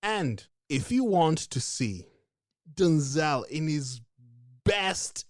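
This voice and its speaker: Very low-voiced, unhurried woman podcaster. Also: expressive, no echo, clean studio sound. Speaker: podcast co-host. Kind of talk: casual chat.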